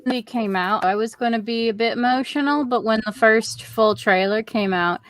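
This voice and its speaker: A woman's voice: fairly high pitch, normal speed, a bit bright, no room sound. A woman co-hosting a casual stream chat, candid and blunt. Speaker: stream co-host. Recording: faint background noise.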